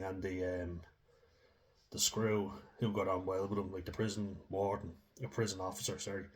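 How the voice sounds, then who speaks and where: A man giving rambling, chatty commentary on a true crime story, often reading passages aloud. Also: sits low. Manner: rambling and chatty, with laughs and restarts.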